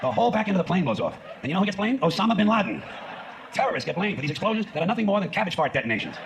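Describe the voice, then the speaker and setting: A man's voice: sits high, very animated, very fast, noisy background. A man performing a stand-up routine on stage, ranting in a profane, sarcastic way. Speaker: stand-up comedian. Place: stage in front of an audience.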